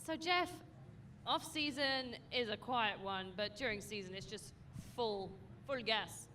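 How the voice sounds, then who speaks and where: Woman host, bright tone, bubbly chat, light outdoor noise. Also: on the high side, unhurried. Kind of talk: live broadcast chat.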